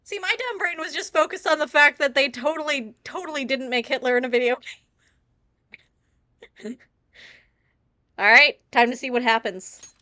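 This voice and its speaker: A woman commenting on a game during a live stream, wandering into tangents with frequent giggles. Her voice is somewhat high and the sound is dry and close. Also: normal speed, long pauses, bright, forceful tone, no room sound. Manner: rambling, giggly, chatty tangents. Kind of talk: casual live gameplay commentary.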